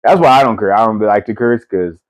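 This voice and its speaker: A man's voice: on the low side, quick pace. A middle-aged man co-hosting a family podcast, teasing and laughing as he tells stories. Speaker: podcast co-host, parent. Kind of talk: casual family chat.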